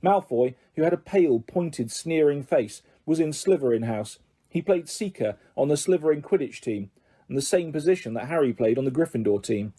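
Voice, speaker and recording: A man narrating an audiobook in a steady storytelling manner, with occasional small slips. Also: fairly high pitch, normal speed, slightly rough.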